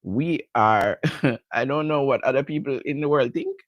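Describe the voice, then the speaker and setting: A woman's voice: very deep voice, normal speed, dry recording. A middle-aged woman with a Jamaican accent chatting casually with viewers during a live hair care stream, laughing often and answering them directly.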